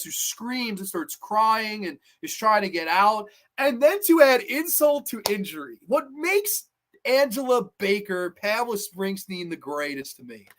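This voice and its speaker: Man, high voice, excitable horror movie fan, livestream review, rambling. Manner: enthusiastic, rambling fan talk.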